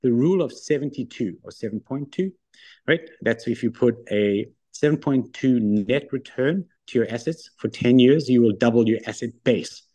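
The voice is medium-pitched and warm: a middle-aged man who founded a wealth firm. He's a guest in an informal interview, confidently and briskly telling stories.

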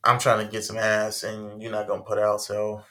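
Give me a man playing a smooth British guy on a dating app, sent up mockingly. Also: on the low side, monotone, moderate pace, fairly bright tone, lightly acted. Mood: blunt. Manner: mocking, exaggerated impression.

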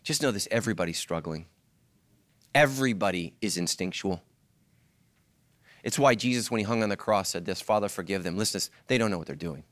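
A middle-aged male pastor preaching a sermon, swinging from loud, high-pitched joking to a hushed, earnest tone. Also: fairly quick, long pauses. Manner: animated, jokes in a loud, high voice, then drops to a hushed, earnest tone.

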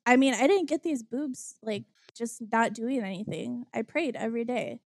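Giddy, excitable young woman. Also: fairly high pitch, moderate pace, creaky, dry recording, clean studio sound. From Chicago area. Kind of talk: casual chat.

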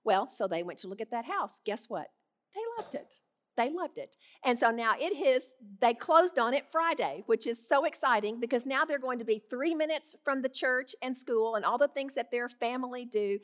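A woman's voice: fairly high pitch, lively intonation, moderate pace, hardly any pauses. Earnest middle-aged woman teaching the Bible. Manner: earnest, gently conversational.

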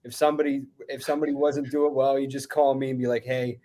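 A man's voice: medium pitch, quick pace. Young man telling stories as a guest. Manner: relaxed, rambling storyteller. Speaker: podcast guest. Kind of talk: casual chat.

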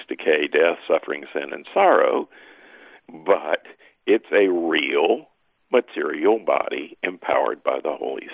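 A man giving a lively, emphatic teaching talk as a guest scholar, leaping up in pitch to stress his points. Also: gravelly, no echo, phone-quality sound.

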